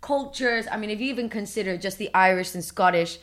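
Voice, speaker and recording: A woman from the United States co-hosts a relaxed chat podcast. She talks in a lively way and laughs often, slipping into voices when she retells a story. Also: mid-range voice, fairly quick. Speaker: co-host. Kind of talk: casual chat.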